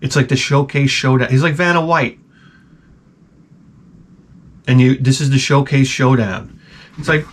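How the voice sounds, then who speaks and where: A man hosting his own channel, telling a rambling comic story with lots of swearing and loud mouth sound effects. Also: medium pitch, moderate pace, long pauses, a little hiss or hum. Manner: animated, profane, with loud sound-effect imitations. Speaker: channel host. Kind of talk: rambling comedic monologue.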